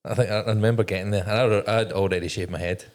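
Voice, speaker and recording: A low-voiced man in his thirties talks in a Scottish accent worn down toward Australian. He rambles loosely, laughs easily and swears freely, like a guest in a relaxed podcast chat. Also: very fast. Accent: Scottish, softened by Australian. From Scotland. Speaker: podcast guest, navy veteran. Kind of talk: casual chat.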